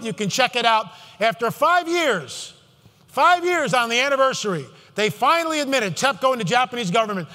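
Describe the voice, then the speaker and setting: A man's voice: very high-pitched, sharp tone, long reverb tail. A man giving an impassioned conference talk from a stage, fervent and emphatic, with many asides and restarts. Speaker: conference speaker.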